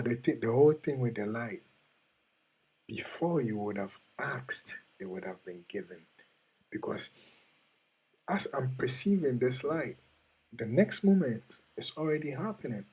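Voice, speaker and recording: A man with a somewhat husky, breathy voice gives an earnest motivational talk. He repeats short questions to the listener and talks to them directly and intimately. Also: medium pitch, darkish tone, rough recording. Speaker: host.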